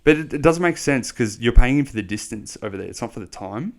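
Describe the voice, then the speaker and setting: A young Australian man co-hosting a podcast, telling a long travel story in a rambling, animated way, full of swearing. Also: medium pitch, fast talker. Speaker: podcast co-host. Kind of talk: casual storytelling chat.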